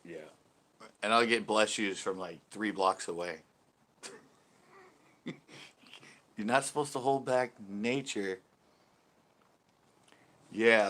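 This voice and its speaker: A man with a lowish, slightly bright voice runs a casual fishing live stream. Chatty and prone to laughter, he drifts through stories and reads his viewers' comments out loud.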